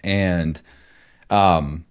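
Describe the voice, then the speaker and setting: A middle-aged man co-hosting a podcast, telling a rambling, animated story in casual chat. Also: deep voice, very slow, clear, resonant tone. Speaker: podcast co-host.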